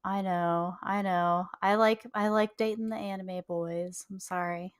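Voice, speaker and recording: A woman's voice: mid-range voice, fairly even intonation, unhurried, smooth, no echo, studio quality. A woman co-hosting a podcast, chatting casually with ums and laughs. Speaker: podcast co-host. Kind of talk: casual chat.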